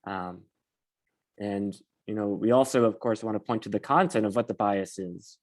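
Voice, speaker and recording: A man facilitating an online bias training, speaking in a measured way with frequent pauses. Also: on the low side. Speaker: workshop facilitator.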